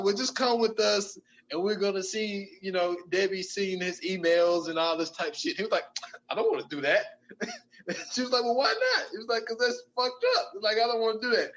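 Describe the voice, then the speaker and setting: A man's voice: sits high, a bit bright, muffled recording. A man on a podcast, animatedly retelling movie scenes in casual chat and laughing often. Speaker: podcast co-host.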